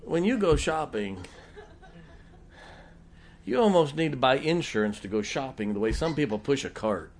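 A man's voice: medium pitch, very animated, normal speed, long pauses. A middle-aged man preaching a sermon as pastor, folksy and often joking and laughing with the congregation.

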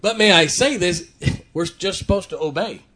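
A man's voice: sits high, moderate pace, sharp tone, breathy edge. A male pastor, preaching a sermon with rising, emphatic declarations and playful asides.

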